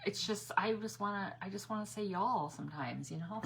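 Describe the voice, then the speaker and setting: A woman with a bright, forceful voice hosts a live crafting stream. She chats and laughs easily, greeting viewers by name as she works, while a hair dryer hums faintly behind her. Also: medium pitch, a little fast, gravelly, a little hiss or hum. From northern United States. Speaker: craft livestream host. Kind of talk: casual live-stream chat while painting.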